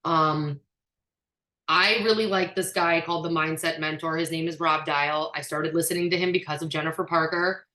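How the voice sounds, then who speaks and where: A woman with a lowish, forceful voice speaks candidly and emphatically to her team, sprinkling in filler words and occasional swearing. The sound comes through an echoey room. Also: fairly even intonation, moderate pace. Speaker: direct-sales team trainer. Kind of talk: casual motivational talk.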